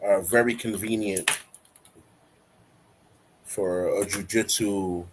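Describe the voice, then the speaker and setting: A relaxed man hosts a live stream and rambles easily between tips, with "you know" in almost every sentence. He explains things the way a coach teaches students. A faint murmur sits in the background. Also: fairly low pitch, slow pace, slight background noise. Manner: instructive, coaching tone. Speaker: livestream talk show host. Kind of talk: casual live-stream chat.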